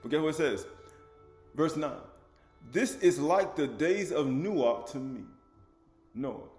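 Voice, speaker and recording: A man's voice: fairly high pitch, lively intonation, slow pace, a little mellow, roomy sound, soft background music. A man teaching a sermon, with rising emphasis, rhetorical questions and casual speech, acting out quoted speakers. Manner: colloquial, acts out quoted speakers.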